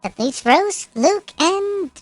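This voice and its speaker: A woman's voice: very high voice, animated, slow, faint music behind. A woman streamer reading game narration aloud, with occasional slips and self-corrections.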